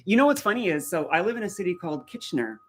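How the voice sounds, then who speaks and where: A man's voice: sits high, very animated, very fast. Chatty man hosting a live stream. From rural east coast of Canada. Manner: chatty, tells stories and answers viewer comments. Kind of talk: casual live-stream chat.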